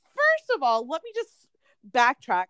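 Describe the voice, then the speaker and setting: A young woman gossiping in a casual chat, full of "like" and quick asides. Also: sits high, wildly swooping pitch, a bit bright, no echo. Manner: chatty, lots of "like", laughs often.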